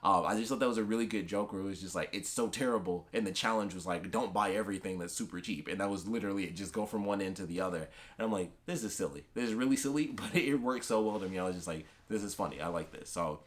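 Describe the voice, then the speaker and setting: A young man talks through his thoughts on a comic series in a casual vlog. He speaks quickly in a slightly low voice, rambling and excitable, full of restarts and fillers. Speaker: comic book vlogger. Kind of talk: casual chat.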